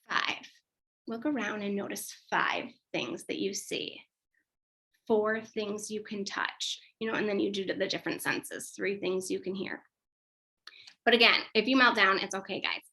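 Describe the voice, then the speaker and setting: Bright-voiced woman giving a chatty parent workshop. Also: mid-range voice, poor audio. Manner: chatty and conversational, with frequent fillers and self-corrections. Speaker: clinical psychologist leading a parent workshop. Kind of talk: informal workshop presentation.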